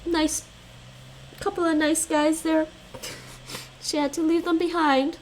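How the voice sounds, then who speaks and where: A woman's voice: very high-pitched, level tone, takes it slowly, a little hiss or hum, low-quality recording. A woman streaming her language study, reading lesson notes aloud and chatting with her viewers, laughing often. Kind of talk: casual live-stream chat.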